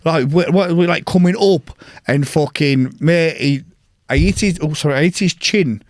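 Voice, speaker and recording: A man's voice: a little high, unhurried, dry recording, clean studio sound. A man from York with a Yorkshire accent, a podcast guest telling stories casually, swearing a lot and acting out what people said. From York, England. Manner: animated, swears a lot, acts out quoted voices. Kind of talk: casual storytelling.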